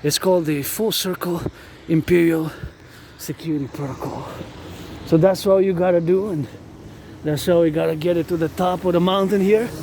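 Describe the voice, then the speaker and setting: A man's voice: a little high, fairly even intonation, moderate pace, dark tone, slight background noise. A man, rambling and repeating himself as he vlogs while walking outdoors up a mountain in the rain, now and then breaking into chants. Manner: rambling, repetitive, chants in bursts. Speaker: vlogger.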